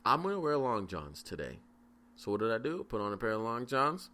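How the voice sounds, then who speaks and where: A man's voice: mid-range voice, big pitch swings, fairly quick, bright, forceful tone. A man in his twenties hosting a casual solo podcast, telling stories in a rambling, profane way full of fillers and restarts. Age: 20s. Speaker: podcast host.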